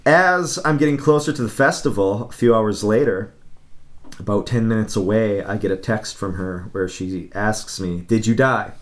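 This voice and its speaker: A man's voice: lowish voice, moderate pace. Chatty man telling a story. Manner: chatty, laughs between phrases. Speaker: podcast guest. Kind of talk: casual storytelling.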